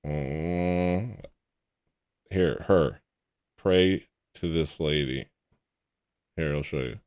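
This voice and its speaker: A man hosting a livestream, telling a rambling personal story in a casual way and acting out the people in it with loud put-on voices. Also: very deep voice, very slow, clean tone, no room sound, studio quality. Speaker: livestream host.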